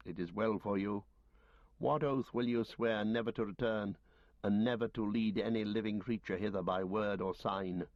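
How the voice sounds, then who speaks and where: A man reading aloud and voicing a stern, grave lord who passes judgement in formal, measured, solemn speech. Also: fairly low pitch, steady tone, dry recording, close to an everyday voice. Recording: dull lo-fi recording.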